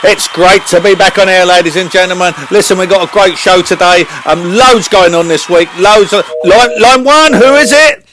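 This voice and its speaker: A man's voice: high voice, moderate pace, few pauses, noisy background. A man hosting a comedy radio sketch, theatrical and mock-scolding. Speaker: radio show host.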